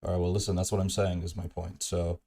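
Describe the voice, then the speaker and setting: A man's voice: low-pitched, flat delivery, fast, warm tone, slight background noise. A man in a casual voice chat argument, pressing his point with persistent questions. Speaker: voice chat participant.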